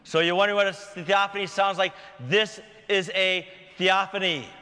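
A man preaching in a church, his voice pitched high for a man, with the sound ringing in a long hall reverb. He preaches dramatically, swinging from raised shouts down to hushed whispers. His manner is conversational but theatrical. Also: fairly even intonation, normal speed. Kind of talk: sermon.

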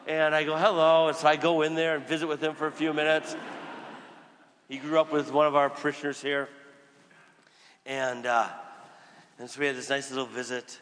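Priest preaching with a bright voice in a reverberant church. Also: male voice, fairly high pitch, steady tone, normal speed. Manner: storytelling with voiced quotes, conversational. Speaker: Catholic priest. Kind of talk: sermon.

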